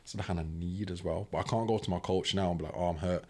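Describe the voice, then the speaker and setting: Young british guy with a deep low voice, chatty, acts out bits of his stories. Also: fast. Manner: animated, acts out quoted voices; fills talk with "do you know what I mean". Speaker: podcast guest. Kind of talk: casual storytelling.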